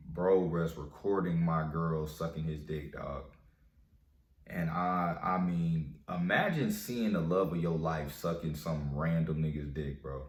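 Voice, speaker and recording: A man's voice: extremely low pitch, steady tone, a little slow. A man telling a breakup story and giving dating advice in a casual, slangy, profane way. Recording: roomy echo.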